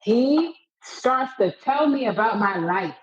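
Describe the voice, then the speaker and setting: A woman's voice: on the high side, slow pace, highs cut off. Preachy woman sharing a faith testimony. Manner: preachy, animated storyteller. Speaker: podcast guest. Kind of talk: faith testimony and casual chat.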